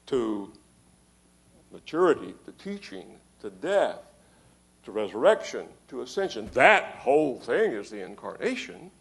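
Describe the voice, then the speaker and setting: A man giving a conference lecture on poetry, measured and emphatic, reading verse aloud with marked rhythm. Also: mid-range voice, vocal fry, slightly rough. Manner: measured, emphatic, stresses rhythm and tapping out meter. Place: lecture hall.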